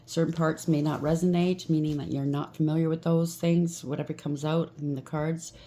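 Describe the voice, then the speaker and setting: A warm, low-pitched female voice moves at normal speed with fairly even intonation. She is a tarot reader doing a collective reading at home, soothing viewers with frequent fillers and a repeated "okay?", a washing machine running behind her.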